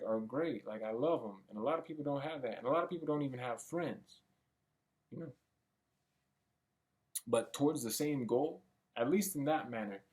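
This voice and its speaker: A young man talks through his goals in a loose, rambling motivational monologue, as if thinking out loud. His voice sits in an ordinary middle pitch, and his delivery is casual, with the odd swear word. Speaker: vlogger. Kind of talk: motivational self-talk monologue.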